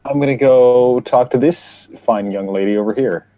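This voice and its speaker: A man's voice: medium pitch, normal speed, dark tone, dull audio. A man playing a tabletop game, casual and playful. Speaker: player.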